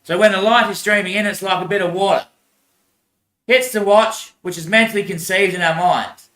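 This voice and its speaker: A man's voice: high-pitched, steady tone, moderate pace, a bit bright, roomy sound. A man in a rambling monologue, repeating himself, swearing and laughing often.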